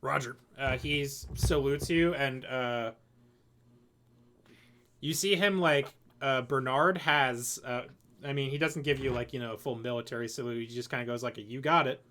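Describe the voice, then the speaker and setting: A man's voice: mid-range voice, normal speed, a bit bright. Rambling man running a tabletop game. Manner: loose, rambling, lots of fillers. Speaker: game master.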